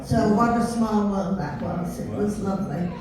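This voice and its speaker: An older woman with a Yorkshire accent, chatting warmly as she tells stories from her life. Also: medium pitch, expressive, normal speed, crowd noise. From Yorkshire, England. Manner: chatty, warm storytelling with laughs. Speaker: storyteller recalling her life. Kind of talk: casual reminiscing. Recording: roomy, distant mic with faint hiss.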